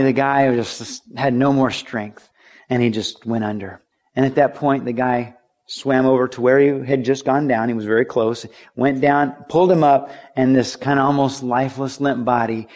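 A middle-aged pastor preaches in an easy, conversational voice with a pitch that is neither high nor low. He slips into the voices of the people in his stories and rises to urgent pleas. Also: darkish tone. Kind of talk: sermon.

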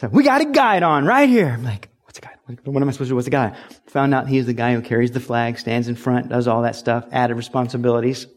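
A man's voice: mid-range voice, little pitch movement, fast. Man preaching a storytelling sermon. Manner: storytelling, acts out loud shouting quotes. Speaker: pastor.

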